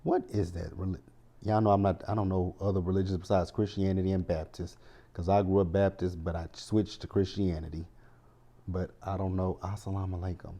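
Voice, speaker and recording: A man's voice: low-pitched, flat delivery, a little fast, mellow. A man giving a chatty, rambling recap of a TV episode, full of asides. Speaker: TV show recap vlogger. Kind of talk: casual recap commentary.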